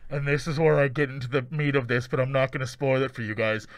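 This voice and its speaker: A man's voice: medium pitch, steady tone, fast, dry recording. A man chatting casually as a mock director, giggly and rambling. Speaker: guest director. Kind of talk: casual chat.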